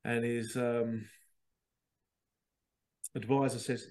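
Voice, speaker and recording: A man's voice: medium pitch, animated, unhurried, a little mellow. A man hosting a podcast, talking in a rambling, digressive monologue and mocking other people in put-on voices. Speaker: podcast host. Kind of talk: casual spoken monologue.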